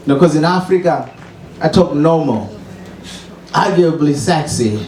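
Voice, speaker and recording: A man's voice: a little high, lively intonation, measured pace, darkish tone, reverberant, slight background noise. A man with a Zimbabwean accent performs wry, self-mocking stand-up at a small open mic. His voice is picked up from some distance and rings around the room. He chuckles now and then at his own lines. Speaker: stand-up comedian. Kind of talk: stand-up set.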